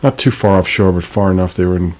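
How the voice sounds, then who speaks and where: A man's voice: deep voice, fast talker, a little mellow. A man co-hosting a radio show, telling long stories in a rambling way with many fillers and restarts. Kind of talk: casual radio chat.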